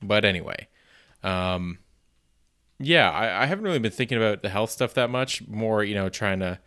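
A man's voice: lowish voice, lively intonation, moderate pace, sharp tone. A man hosting his own podcast alone, chatting casually in a rambling, self-deprecating way with lots of "you know"s and the odd swear word. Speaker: podcast host. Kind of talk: casual solo podcast chat.

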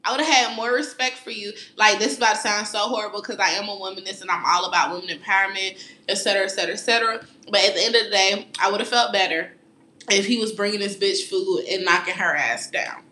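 A woman telling a personal story in casual, candid chat, animated and profane, laughing often. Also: mid-range voice, fast, echoey room.

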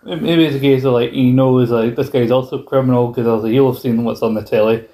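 Quick-talking Scottish man. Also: mid-range voice, steady tone, warm tone. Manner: chatty, quick restarts, adds plot details. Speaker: podcast co-host. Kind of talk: casual film review chat.

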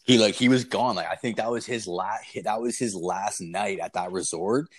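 A man's voice: fairly low pitch, normal speed, slightly rough. A man casually telling a long story, rambling and swearing, often laughing as he goes. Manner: rambling, profane, laughing as he tells it.

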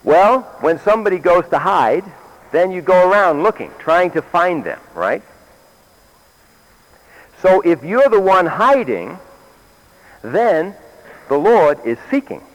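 A man's voice: sits high, big pitch swings, slow, long pauses. An older man, a grandfather, preaching a sermon in a meeting hall, questioning his listeners and repeating key phrases.

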